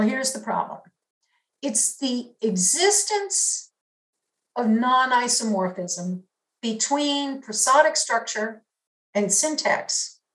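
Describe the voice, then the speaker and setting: A woman with a New York accent delivers an academic lecture, explaining each point in a measured way and stressing key terms. Her voice sits a little high, and she speaks slowly. The sound carries a noticeable room echo. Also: fairly bright tone.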